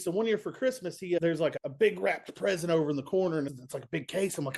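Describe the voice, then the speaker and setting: Chatty Southern man, higher voice. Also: expressive, quick pace, hardly any pauses, a little mellow. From Kentucky. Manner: laid-back, chatty storyteller, says "man" and "dude" a lot. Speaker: band bassist, guest. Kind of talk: casual interview chat.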